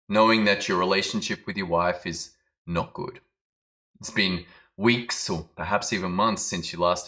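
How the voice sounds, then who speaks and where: A man's voice: fairly low pitch, sharp tone. A man giving a motivational business talk, telling a dramatic story and acting out quoted lines. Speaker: business coach.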